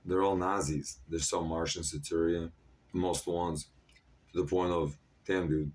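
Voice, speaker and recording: A man's voice: sits low, steady tone, measured pace, darkish tone. A man in his thirties talking in a disjointed, jumpy stream with many fillers, in a rambling monologue to camera. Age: 30s. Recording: voice a bit far from the mic.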